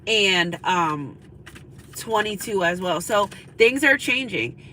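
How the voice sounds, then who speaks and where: Slow and expressive, her mid-range voice comes across pushed and bright on a rough recording with a bit of hiss or hum. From inside a car, this tarot reader gives a chatty, confiding spiritual reading, checking in with listeners often and repeating "you know what I'm saying."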